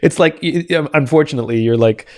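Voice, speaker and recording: A man's voice: fairly high pitch, quick pace. A man hosting an interview, asking joking questions and laughing easily. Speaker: podcast host. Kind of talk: casual interview.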